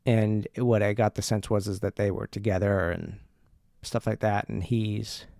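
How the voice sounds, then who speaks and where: A man's voice: fairly low pitch, steady tone, measured pace, gravelly, mellow, no echo, studio quality. A man hosting his own show, telling a personal story in a candid, loose way with lots of filler words. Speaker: podcast host. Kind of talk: casual storytelling monologue.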